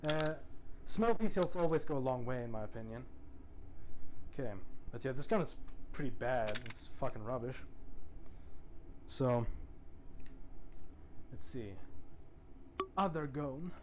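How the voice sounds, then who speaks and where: A relaxed young man chatting through a shooter game stream, cursing casually and chuckling at what he sees. His voice sits at an ordinary pitch, with clear noise running behind him throughout. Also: a little slow, pauses often. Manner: laid-back, swears a lot, laughs often. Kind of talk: casual gameplay commentary.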